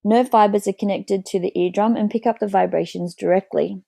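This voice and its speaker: Woman, lesson narrator, some vocal fry, dry close recording, self-correcting delivery. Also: medium pitch, fairly even intonation, fairly quick, warm tone, dry recording. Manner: reads steadily, correcting herself with "sorry". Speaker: biology teacher.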